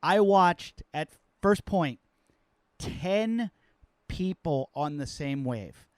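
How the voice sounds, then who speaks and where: A man's voice: a little high, lively intonation, very slow, smooth, no room sound, studio quality. Joking, rambling male podcast host. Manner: rambling, joking, self-mocking storyteller. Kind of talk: casual podcast chat.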